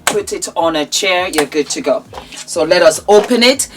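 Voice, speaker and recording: A woman's voice: on the low side, lively intonation, moderate pace, background noise. A woman hosting her channel, casually promoting products in a gushing, affectionate way and calling viewers darling. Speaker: vlog host.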